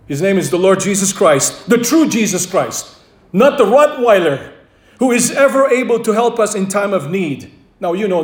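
A man's voice: sits high, a little mellow. A man preaching a sermon, emphatic and repeating his key phrases, with a story told along the way. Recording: roomy echo.

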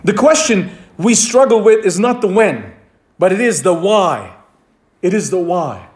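A man preaches with a fairly high voice, leaning on key words and repeating them for emphasis. His delivery is measured and deliberate, the cadence of a pastor walking his congregation through a point step by step. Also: sing-song, darkish tone. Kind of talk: sermon.

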